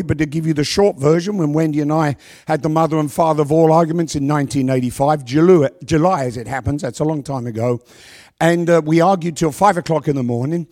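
A middle-aged man preaching a sermon to a congregation on a handheld microphone, with a worn voice, asking rhetorical questions and pausing for effect. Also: a little high. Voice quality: voice worn from past yelling. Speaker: pastor.

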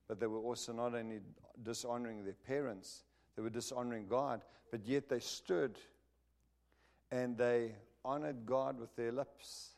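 A man's voice: mid-range voice, gravelly, darkish tone. Male preacher in a sermon, emphatic and punchy, checks in with the listeners, voice sits mid-range. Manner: emphatic, punchy, drives points home with repeated phrases; asks the listeners for agreement.

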